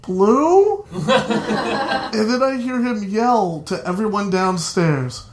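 A man telling a comic story to a live audience, lively and loose, swearing freely. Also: sits high, a little slow.

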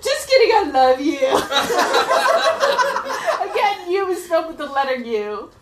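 Young woman, comic live reader; high, bouncy voice; self-mocking, lots of fillers; echoey room. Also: sing-song, slow. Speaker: performer reading her old teen blog aloud. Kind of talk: comic live reading to a laughing audience. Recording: echoey room with faint noise.

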